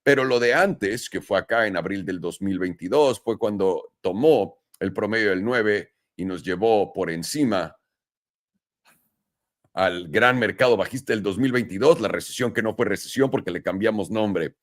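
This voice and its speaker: A man, hosting casual market commentary in a relaxed, chatty way. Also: on the low side, brisk. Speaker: trading channel host.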